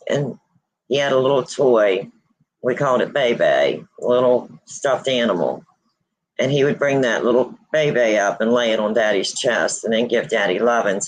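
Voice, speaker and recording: A woman who runs a paranormal channel hosts a casual livestream while grieving, close to tears and stumbling through her words with frequent pauses and restarts. A slightly rough bass voice is also present, and the audio quality is poor.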